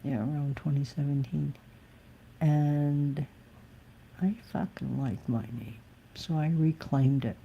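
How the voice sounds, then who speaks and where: A woman's voice: low voice, steady tone, slow pace, creaky, long pauses, highs cut off, a little hiss or hum. A woman musician talking candidly and bluntly in a live-stream monologue. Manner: blunt, emphatic, occasionally swearing.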